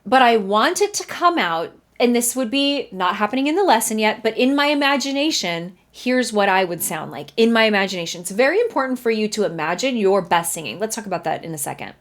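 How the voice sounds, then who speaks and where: Voice teacher, woman, 30s, bubbly talker, swoops high when demonstrating. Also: brisk, few pauses. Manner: chatty, animated, breaks into sung vocal examples. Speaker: voice teacher and podcast host. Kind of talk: podcast singing lesson with sung demonstrations. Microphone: studio mic.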